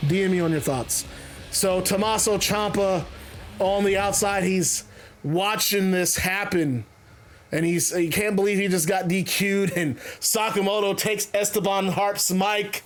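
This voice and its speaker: High-voiced man narrating wrestling. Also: steady tone, a little slow. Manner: rambling, stop-start phrasing. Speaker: host. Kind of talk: casual wrestling play-by-play narration.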